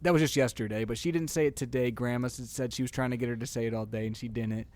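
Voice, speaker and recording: A young man co-hosting a podcast, telling animated family stories with frequent laughs. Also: medium pitch, fast. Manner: animated storytelling, laughs often. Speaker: podcast co-host. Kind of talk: casual chat.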